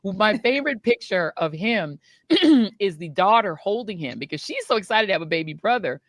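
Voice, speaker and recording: Middle-aged female podcast host, lively storyteller, bright tone. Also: medium pitch, a little fast, no room sound. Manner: animated, laughs often, acts out voices. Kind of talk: casual storytelling.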